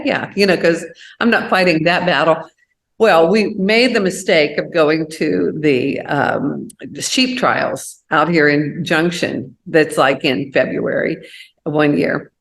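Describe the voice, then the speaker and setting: A woman telling personal stories in a casual chat, acting out the voices of the people she quotes. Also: sits low. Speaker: co-host.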